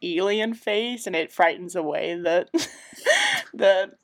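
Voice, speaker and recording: A woman's voice: medium pitch, wildly swooping pitch, takes it slowly, fairly bright tone, slight background noise. Giggly rambling woman recapping a show. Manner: rambling, giggly, self-deprecating. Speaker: podcast co-host recapping an episode. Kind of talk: casual chat.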